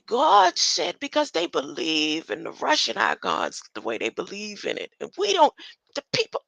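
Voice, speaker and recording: A woman's voice: mid-range voice, wildly swooping pitch, normal speed, gravelly, a bit bright, no room sound, low-quality recording. A woman hosting a livestream, rambling through a spiritual monologue, often ending her lines with a questioning "huh?" and laughing between thoughts.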